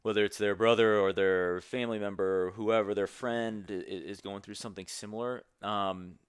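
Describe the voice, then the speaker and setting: A young man with a very low voice speaks as a guest on a podcast, earnest and rambling as he circles back and restarts his thoughts. The sound is close and dry, with no room echo. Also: steady tone, moderate pace, clean tone. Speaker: podcast guest, strength coach. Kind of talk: candid conversational interview.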